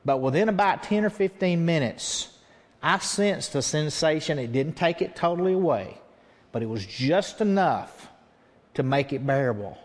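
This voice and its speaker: An earnest male pastor preaching from the pulpit, his voice sitting somewhat high for a man. He acts out his own prayers as he tells the story, and a long church reverb trails after every word. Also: expressive, normal speed. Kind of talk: sermon.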